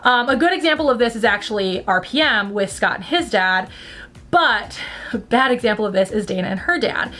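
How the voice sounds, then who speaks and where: A woman talks through a casual opinion vlog from home, her voice sitting a little on the high side. She rambles in a chatty flow, with lots of fillers and restarts. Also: animated, brisk, pushed and bright. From United States. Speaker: channel host reviewing a TV franchise.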